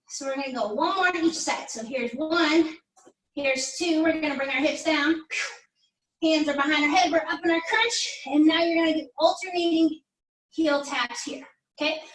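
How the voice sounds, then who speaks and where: A woman's voice: high-pitched, a bit bright. A woman leading a pilates workout class, chatty and encouraging as she counts down reps. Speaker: pilates instructor. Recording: echoey room, mic at a distance.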